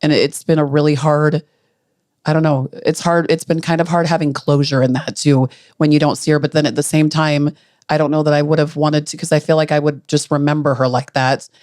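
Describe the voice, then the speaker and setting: A middle-aged woman, a grieving mother, recalling a painful day in halting, earnest speech with frequent restarts. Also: sits low, flat delivery, darkish tone, no room sound, studio quality. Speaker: grieving mother, podcast guest. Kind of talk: emotional personal recollection.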